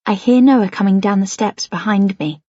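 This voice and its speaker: Breathy woman narrating a novel. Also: medium pitch, moderate pace, dry recording, highs cut off. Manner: intimate, soft-spoken storytelling. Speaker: audiobook narrator. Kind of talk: first-person novel narration.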